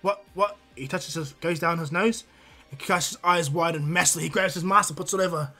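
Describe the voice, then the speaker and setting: A man's voice: fairly high pitch, fairly even intonation, fast, pushed and bright, soft background music. A man improvising a fan fiction story aloud, rambling with many fillers and restarts.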